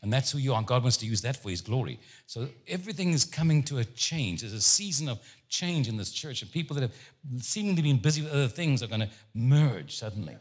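A man preaching a sermon as a guest speaker, telling stories with jokes and an animated, lively delivery. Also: medium pitch, a little fast, husky. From Jewish background. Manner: animated, joking storyteller.

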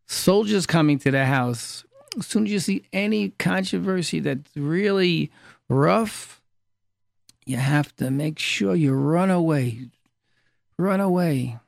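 A rabbi giving an informal class, telling stories and repeating key phrases for emphasis. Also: male voice, on the high side, slow, vocal fry, no echo.

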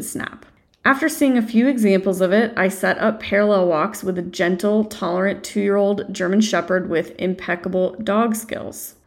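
A woman hosting a dog training podcast, answering listener questions in a direct, assertive way. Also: medium pitch. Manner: direct, assertive advice-giving.

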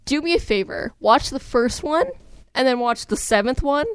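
A woman co-hosting a casual podcast, rambling and giggling excitably. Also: high-pitched, normal speed, clean tone, no echo. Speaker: podcast co-host.

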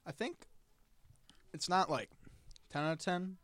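A man's voice: high-pitched, unhurried, fairly bright tone, slight background noise. Laid-back agreeable man hosting. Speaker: host. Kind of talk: casual snack-tasting chat.

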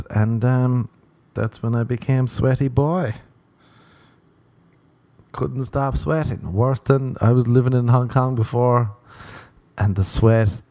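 Profane rambling man, dark voice. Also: medium pitch, no echo. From Ireland. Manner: profane, self-mocking, acts out voices. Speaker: podcast host. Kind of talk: rambling comedic monologue.

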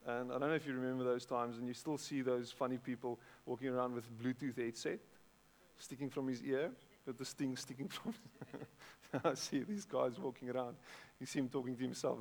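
A middle-aged man with a South African accent, preaching a sermon in a conversational way, repeating words and breaking into animated bursts. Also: medium pitch. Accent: South African English. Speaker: pastor. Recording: long hall reverb.

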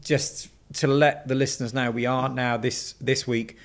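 A man's voice: mid-range voice, little pitch movement, normal speed. A man co-hosting a podcast in casual chat, teasing his co-host and steering the conversation.

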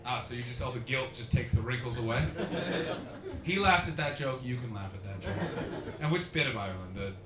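A young man doing stand-up as a comedian and podcast host, brash and profane, working the crowd with sudden shouted bursts. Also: medium pitch, animated, brisk. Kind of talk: live stand-up crowd work. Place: live comedy venue with an audience. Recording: roomy, distant live recording with noise.

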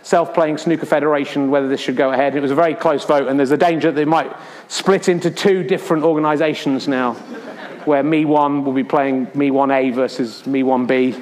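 A man's voice: fairly high pitch, steady tone, a little fast, darkish tone. A male comedian doing sardonic mock snooker commentary on a theatre stage, swearing and announcing with mock grandeur. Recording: long hall reverb, faint noise.

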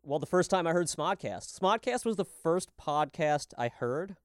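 Man, podcast co-host, casual banter, slightly high voice, dry sound, laughs a lot. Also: expressive, normal speed, no echo. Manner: loose, jokey, laughs often. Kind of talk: casual chat.

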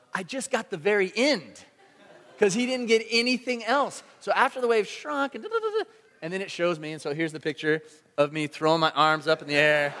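Animated pastor in a reverberant hall. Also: male voice, sits high. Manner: animated storytelling, acting out his own shouts. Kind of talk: sermon.

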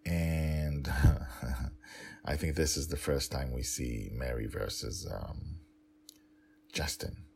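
A man's voice: extremely low pitch, steady tone, takes it slowly, creaky, pauses often, a little mellow, slight background noise. A man, an author, reading his own serial story aloud and chatting about it with some hesitation. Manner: hesitant with fillers in commentary. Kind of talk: storytelling with casual commentary.

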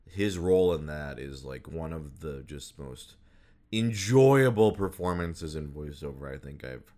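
A man with a very low voice talks loosely in a casual chat. He rambles, restarts often and leans on fillers as he goes. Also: expressive, a little slow, a little mellow. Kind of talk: casual chat about voice actors.

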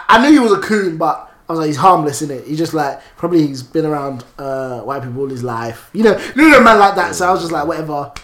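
A man, chatting casually and telling animated stories, acting out what others said. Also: a little high, echoey room. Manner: animated storytelling, acts out quotes, laughs a lot. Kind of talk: casual chat.

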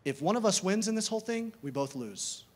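High-voiced man preaching conversationally. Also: very animated, a little fast. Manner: conversational preaching, rhetorical questions, repeated emphasis. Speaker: pastor. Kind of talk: sermon.

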